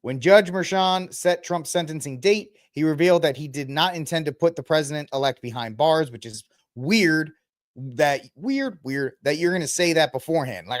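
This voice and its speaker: A man's voice: on the high side, moderate pace, no room sound, studio quality. A man hosting a casual political commentary podcast, rambling and sarcastic as he reads and jokes through the news. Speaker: podcast host.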